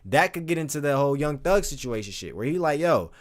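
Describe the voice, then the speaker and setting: A man giving casual, profane commentary as a streamer, breaking into recited lines with big swings in pitch and loudness. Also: big pitch swings, fast. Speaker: streamer discussing rap lyrics.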